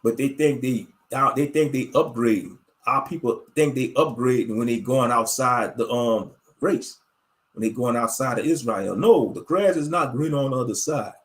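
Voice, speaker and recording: A man's voice: medium pitch, moderate pace. A man delivering a blunt, profane ranting monologue as an online show host. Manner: blunt, profane and emphatic, with frequent fillers.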